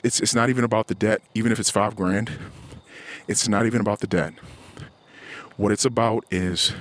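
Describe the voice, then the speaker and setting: Husky, profane man ranting on a podcast. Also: on the low side. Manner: blunt, profane, heated ranting. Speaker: podcast host. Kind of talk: casual podcast monologue.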